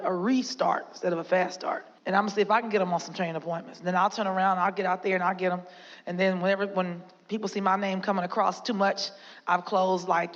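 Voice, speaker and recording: A woman's voice: mid-range voice, dull audio. A woman sales leader giving a blunt, emphatic motivational talk to a live audience in a conference hall. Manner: blunt, emphatic, drill-sergeant pushing. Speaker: sales team leader speaking to her agents.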